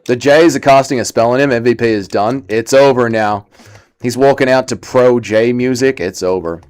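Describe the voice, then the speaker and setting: A young man live-streaming, chatting casually and excitably while he plays, swearing and reading chat aloud. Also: mid-range voice, normal speed, clean tone. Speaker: livestreamer.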